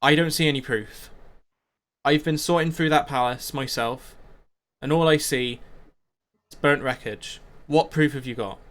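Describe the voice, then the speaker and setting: A man voicing a confrontational male dwarf worker who challenges and questions forcefully in a tabletop role-playing game. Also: on the high side, unhurried. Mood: challenging.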